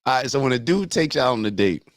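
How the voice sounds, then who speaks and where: A man's voice: medium pitch, animated, quick pace, dry recording, clean studio sound. A man hosting a morning show, reacting to a clip and reading viewer comments in loose, slangy talk aimed straight at his viewers.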